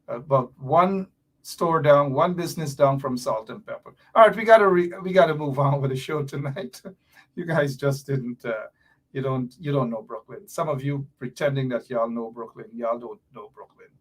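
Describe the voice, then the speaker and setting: A man hosting a live-stream political commentary show, animated and repetitive, teasing his viewers. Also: medium pitch, normal speed. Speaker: show host.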